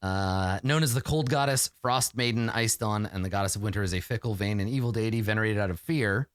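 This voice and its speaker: A man running a tabletop game as game master, chatty and quick with laughing asides. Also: fairly low pitch, smooth, no echo, studio quality.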